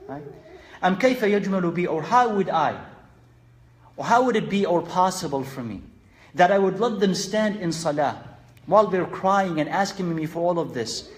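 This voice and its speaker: A man's voice: sits high, lively intonation, normal speed. Earnest man teaching a religious lesson. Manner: earnest, explaining with rhetorical questions; mixes Arabic phrases into English. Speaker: Islamic teacher.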